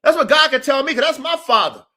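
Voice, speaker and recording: Male podcast host, high voice, cursing preacher energy, quiet-to-shouting swings. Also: lively intonation, fast. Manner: profane, preachy, swings from low mutters to shouts. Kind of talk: motivational podcast monologue.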